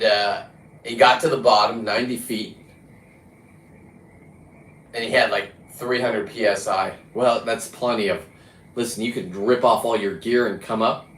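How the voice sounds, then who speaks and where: A man's voice: fairly low pitch, fairly even intonation, unhurried, fairly bright tone. A man talking in a casual, rambling monologue about diving and fishing, blunt and profane, often restarting his sentences. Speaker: diver and fishing vlogger. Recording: roomy echo.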